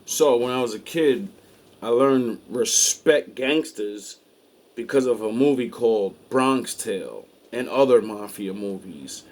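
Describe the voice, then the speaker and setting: A man's voice: medium pitch, animated, measured pace, a little mellow. A man streaming and reacting to clips, telling stories in blunt, emphatic casual talk full of swearing. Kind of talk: casual profane commentary.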